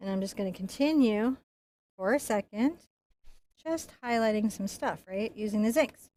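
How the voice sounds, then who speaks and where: A woman's voice: medium pitch, animated, moderate pace, warm tone. A woman giving a painting lesson, chatting playfully and joking as she works. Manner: chatty, playful, jokes and laughs while painting. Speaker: painting instructor.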